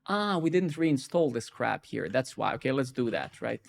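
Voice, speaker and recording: A man live-streaming his coding, ranting and swearing in a casual way, tagging his sentences with "right?" and "man", then muttering quietly as he debugs. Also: medium pitch, sing-song, moderate pace, gravelly.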